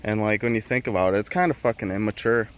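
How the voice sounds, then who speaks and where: A man's voice: lowish voice, fast. A man vlogging an opinion rant, heated and rambling, swearing constantly and restarting his sentences.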